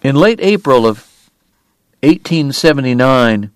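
A man reading a novel aloud as a measured, dramatic audiobook narrator. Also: medium pitch, lively intonation, dry recording. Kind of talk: scripted narration.

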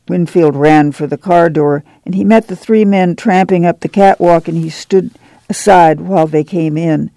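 Man, audiobook narrator, measured pace, gravelly, mellow, dry sound. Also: a little high, no echo.

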